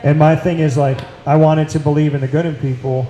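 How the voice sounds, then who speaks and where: Recorded in an echoey room, this man hosts a casual talk-show podcast in a Central New York accent. His voice is a little high and warm, with little pitch movement and a brisk pace, and he repeats phrases to give his earnest, emphatic points weight.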